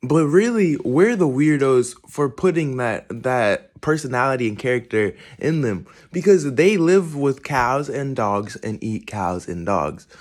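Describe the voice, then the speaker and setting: A young man talks straight to camera from his kitchen in a loose, rambling monologue. His voice sits in an ordinary middle pitch, and he swears offhandedly and stumbles over restarts as he works through a thought. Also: lively intonation, unhurried, hardly any pauses. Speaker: vlogger.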